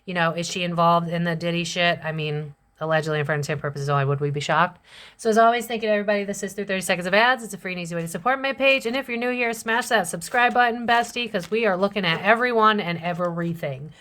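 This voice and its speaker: A woman's voice: fairly low pitch, fast talker, fairly bright tone. A young adult woman giving a casual tarot reading to camera, chatty and blunt, with slang and swearing. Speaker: psychic tarot reader.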